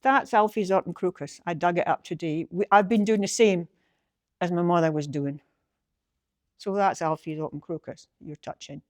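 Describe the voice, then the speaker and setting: A woman's voice: on the low side, moderate pace, no echo. An older woman from North-East Scotland with a lilting Doric accent, reciting a dialect poem and then telling family stories in a chatty, laughing way. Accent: Scottish, North-East Doric. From Ballater, Aberdeenshire, Scotland. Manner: lilting, chatty, laughs often, restarts sentences. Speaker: storyteller sharing family memories. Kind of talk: poem recital and reminiscing talk.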